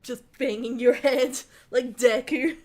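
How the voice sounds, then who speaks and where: A young woman with a high voice streams a game and talks her way through it in a loose, casual way. She keeps things playful, and light laughter and joking asides run through her chat. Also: fairly even intonation, slow, a little mellow. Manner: playful, giggly, jokey asides. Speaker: VTuber streamer. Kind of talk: casual gameplay commentary.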